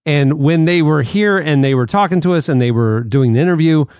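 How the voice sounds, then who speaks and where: A man co-hosting a podcast in casual chat, measured and deadpan. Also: a little high, clean tone, no echo, studio quality. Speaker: podcast co-host.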